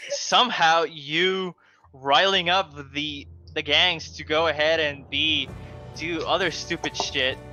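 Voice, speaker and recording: A man's voice: a little high, steady tone, slow pace, bright, forceful tone, soft background music. A man running a tabletop game on a live stream, laid-back and joking. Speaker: game master.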